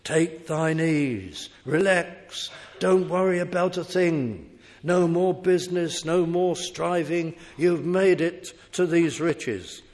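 A man's voice: on the high side, takes it slowly, few pauses, a little mellow, pitched above the performer's own voice. A man voicing a smug rich man who is content with his wealth and indulges himself lazily, in an echoing hall. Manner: self-satisfied, lazily indulgent. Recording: echoey hall reverb.

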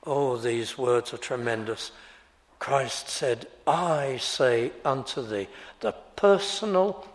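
A man preaching a sermon to a congregation in a measured, earnest way that rises to fervent emphasis. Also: medium pitch. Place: church before a congregation. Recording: long reverb of a large church hall.

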